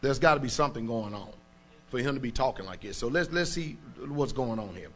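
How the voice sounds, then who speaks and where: A man's voice: medium pitch, expressive, a little fast, fairly bright tone. A man, a pastor, preaching a sermon in an emphatic, colloquial way and checking in often with his congregation. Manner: colloquial, informal speech.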